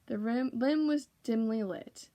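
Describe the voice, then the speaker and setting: A woman reads a children's novel aloud for a library, in a steady, even manner with now and then a slip and restart. Her voice has a light gravelly fry. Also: fairly high pitch, measured pace. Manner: steady, occasional slips and restarts. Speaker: library reader.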